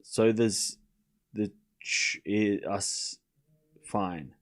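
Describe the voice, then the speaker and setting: A man's voice: on the low side, drawn-out words. An Australian man hosting a live tennis watchalong, chatting casually and replying to his chat. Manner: playful, repeats words, responds to chat. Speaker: livestream host.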